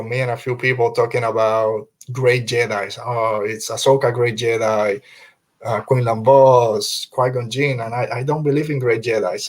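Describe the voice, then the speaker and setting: A man hosting a fan podcast, talking earnestly and emphatically, quoting film lines and repeating himself to drive a point home. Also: mid-range voice. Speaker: podcast host.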